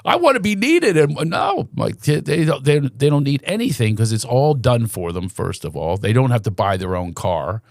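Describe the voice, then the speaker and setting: Comedian guest, lively pitch swings, gravelly, dry close mic, casual chat. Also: male voice, normal speed, hardly any pauses, dry recording. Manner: animated storyteller who slips into voices.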